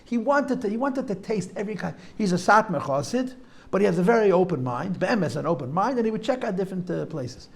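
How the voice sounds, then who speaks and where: A man's voice: high voice, expressive, fairly quick, vocal fry. A middle-aged man telling stories to a class at a Chassidic gathering, wandering off on tangents, repeating himself and mixing Yiddish and Hebrew terms into his talk. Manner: digressive, repeats phrases, peppers speech with Yiddish and Hebrew terms. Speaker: teacher giving a talk. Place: seminary classroom, live audience.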